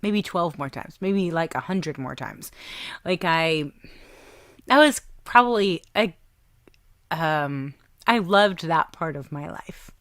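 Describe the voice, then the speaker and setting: A woman with a Southern American accent hosting a radio show, chatting warmly and gushing about the music with frequent laughs. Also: sits low, lively intonation, slow, long pauses, no room sound. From Southern United States. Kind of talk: casual radio show chat.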